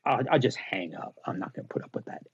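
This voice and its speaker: A man who owns a gear company, talking in a casual podcast interview, blunt and animated as he tells stories about customers. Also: lowish voice, fast, slightly rough, no echo, lo-fi sound. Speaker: guest, luggage company owner.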